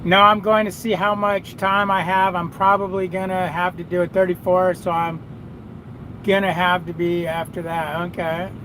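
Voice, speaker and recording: A man's voice: high-pitched, little pitch movement, normal speed, sharp tone, a little hiss or hum, poor audio. A man who drives trucks, chatting and cursing freely with viewers on a live stream from his cab. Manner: profane, rambling, talks to viewers and his dog. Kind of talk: casual live chat.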